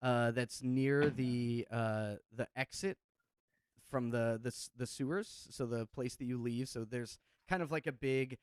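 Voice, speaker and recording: A man runs a tabletop game, narrating a scene in a loose way full of fillers and little laughs. His voice is smooth and clear, recorded dry and close with no room sound. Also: mid-range voice, unhurried, no room sound. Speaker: game master.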